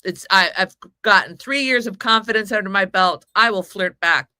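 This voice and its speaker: A woman's voice: medium pitch, moderate pace, pushed and bright, clean tone, dry recording. A woman in her forties telling a long personal story as a podcast guest, rambling and acting out what people said. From Mexican heritage. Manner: rambling anecdotal storyteller, acts out quotes. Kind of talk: casual storytelling chat.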